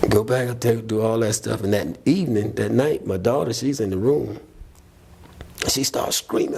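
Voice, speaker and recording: A man's voice: mid-range voice, normal speed, gravelly, a little mellow, a little hiss or hum. A man as a podcast guest, telling his faith testimony in an earnest, reflective, conversational way and acting out what people said. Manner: earnest, reflective, retells scenes by voicing people.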